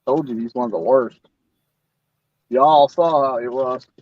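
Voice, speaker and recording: A man's voice: mid-range voice, measured pace, no room sound. A man chatting casually while fishing from a boat, teasing and laid-back. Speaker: angler on a fishing stream. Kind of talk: casual chat. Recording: dull lo-fi stream audio.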